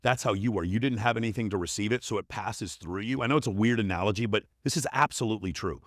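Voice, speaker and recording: Podcast guest guy, fairly low voice, swears a lot, blunt, dry close mic. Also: fast talker, no room sound. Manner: blunt, profane, emphatic storytelling. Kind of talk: casual interview conversation.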